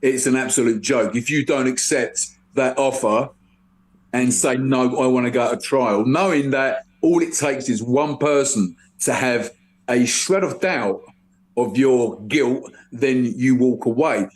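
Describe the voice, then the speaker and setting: A man's voice: medium pitch, a little slow. Emphatic man telling a story. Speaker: guest. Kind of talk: casual group discussion.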